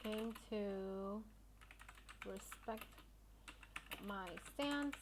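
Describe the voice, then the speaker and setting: A woman's voice: mid-range voice, drawn-out words, background noise. A young woman streamer chatting casually with her viewers, telling a story in a blunt, indignant way and swearing often.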